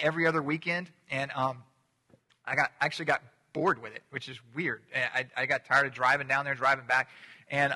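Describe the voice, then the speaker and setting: A middle-aged man preaches a relaxed, joking sermon, pitched slightly high with a bright, pushing tone. He keeps pulling the congregation in to say words along with him. The sound rings out in a large church hall with a long tail of reverb. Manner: chatty, joking, gets the congregation to repeat words. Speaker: pastor. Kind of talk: casual sermon.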